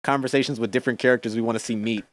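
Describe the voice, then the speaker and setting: A young man guests on a casual podcast and tells his stories in an animated way, filling his sentences with "like" and "um". His voice sits at an average pitch and is heard close and dry. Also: racing, no echo. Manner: animated storyteller, many fillers.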